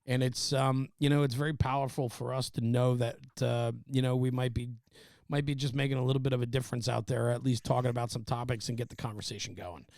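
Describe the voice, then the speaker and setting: A man's voice: mid-range voice, level tone, quick pace, a little mellow, no room sound, studio quality. A man hosting a podcast, chatting casually and rambling with lots of fillers. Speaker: podcast host.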